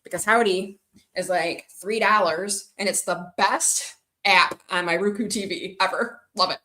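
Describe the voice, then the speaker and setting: This livestreaming vlogger speaks a little slowly in a mid-range voice, steady and sharp. She rambles casually to viewers, mixing stories with replies to comments.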